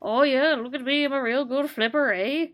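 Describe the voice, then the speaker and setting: A woman's voice: sits high, normal speed, a bit bright, voice pushed up. Woman putting on a smug show-off male enemy, mocking put-on accent, brash. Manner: mocking, boastful, exaggerated accent.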